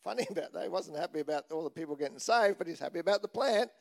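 A man's voice: on the high side, lively intonation, rapid-fire, creaky. A man preaching a sermon in a chatty, joking way, asking the congregation questions as he goes. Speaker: pastor.

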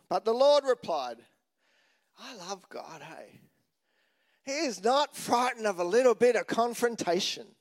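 High-voiced man preaching a chatty sermon. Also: sing-song, normal speed. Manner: chatty, joking, asks the congregation questions. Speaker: pastor.

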